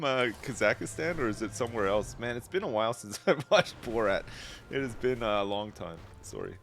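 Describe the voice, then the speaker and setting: A man's voice: mid-range voice, expressive, normal speed, a bit bright. Rambling man chatting on a game stream. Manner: rambling, chatty, answers chat, swears casually. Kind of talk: casual live-stream chat while gaming. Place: home streaming setup.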